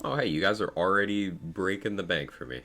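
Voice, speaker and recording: Male streamer, very low voice with a bright edge, tired morning rasp, laid-back chat over faint game music. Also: normal speed. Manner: reads out viewer names and thanks them, laid-back and chatty. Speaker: live streamer. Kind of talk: casual live-stream chat while gaming.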